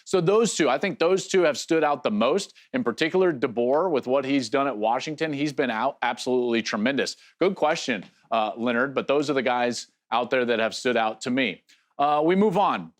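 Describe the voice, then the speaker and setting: A middle-aged man hosting a sports show, answering fan questions in a casual, animated way with fillers and restarts. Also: medium pitch, moderate pace.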